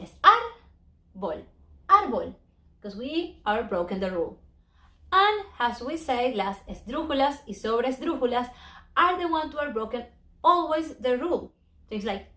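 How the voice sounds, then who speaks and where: A woman whose first language is Spanish, teaching a Spanish lesson in English and slowly drawing out each example word. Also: on the high side, fairly bright tone. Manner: slow, drawn-out modeling of words, non-native English grammar. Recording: echoey room.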